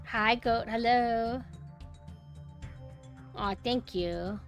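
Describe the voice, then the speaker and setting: A young woman streaming a platformer, chatting through her play and quick to yell and curse at the game. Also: on the high side, highs cut off, faint music behind. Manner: rage-prone, yelling and cursing at the game; chatty, thinks aloud. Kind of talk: live gameplay commentary.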